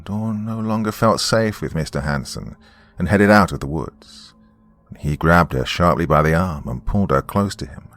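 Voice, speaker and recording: Deep-voiced man narrating horror. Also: fairly bright tone, no room sound. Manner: measured storytelling. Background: faint music.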